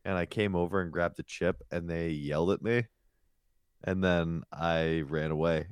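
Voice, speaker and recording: A man's voice: deep voice, fairly even intonation, normal speed, smooth, no room sound. A young man in his twenties co-hosting a podcast, teasing with dry one-liners. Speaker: podcast co-host. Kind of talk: casual chat.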